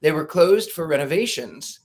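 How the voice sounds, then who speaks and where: Animated higher-voiced man telling stories. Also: normal speed. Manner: animated storyteller, acts out quotes in a higher voice, laughs often. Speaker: psychic guest. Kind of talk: casual storytelling interview.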